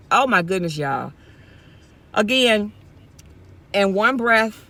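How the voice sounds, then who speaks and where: A woman's voice: medium pitch, lively intonation, slow pace, long pauses, sharp tone. A woman from Mississippi, talking straight to her viewers in a casual vlog, impassioned and repeating herself as she goes, speaking from her car. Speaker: YouTube vlogger.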